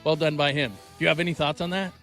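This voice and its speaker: A man hosting a sports talk radio show, energetic and full of enthusiastic praise. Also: a little high, fast, faint music behind.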